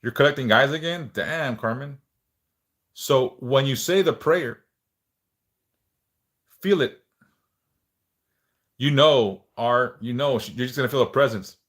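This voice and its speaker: Slow and pausing often, a man with a mid-range voice leads prayers on his livestream and then shifts to casual conversation. He stays relaxed, curses now and again, and reads the chat aloud. He mentions stuttering, and some of his words repeat.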